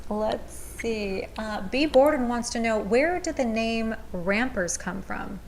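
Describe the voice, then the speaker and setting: A woman's voice: a little high, lively intonation, takes it slowly, gravelly, a little hiss or hum. A woman co-hosting a live podcast, playfully reading viewers' questions aloud. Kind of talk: casual live-stream chat.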